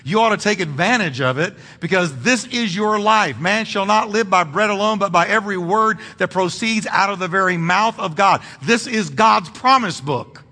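High bright-voiced preaching pastor. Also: male voice, normal speed, few pauses, in a large hall. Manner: emphatic preaching with repetition and humor. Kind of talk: sermon. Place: church sanctuary.

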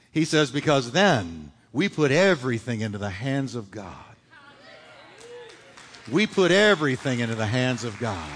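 A man preaching a sermon as pastor, animated and emphatic, leading the congregation in call and response. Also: mid-range voice, moderate pace. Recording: long hall reverb.

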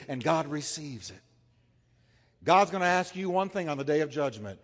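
A man's voice: on the high side, very animated, moderate pace, long reverb tail. A man preaching a sermon as pastor. He talks emphatically, repeats his phrases and has the congregation say lines back to him.

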